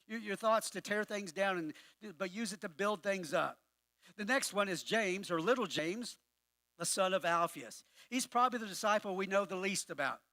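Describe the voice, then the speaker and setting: Bright, high-voiced man preaching. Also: no room sound. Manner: conversational with frequent word repetitions; wry humorous asides. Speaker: pastor. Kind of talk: sermon.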